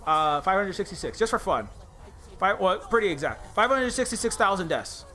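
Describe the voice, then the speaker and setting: Male streamer, high and tense delivery, angry cursing rant full of stammered restarts. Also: very animated, moderate pace, bright, forceful tone. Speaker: indie game developer streaming live. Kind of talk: heated political rant on a livestream.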